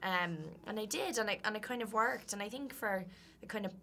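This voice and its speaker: An actress with an Irish accent, chatting in a press junket interview and telling a story in a lively way. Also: female voice, mid-range voice, fairly quick.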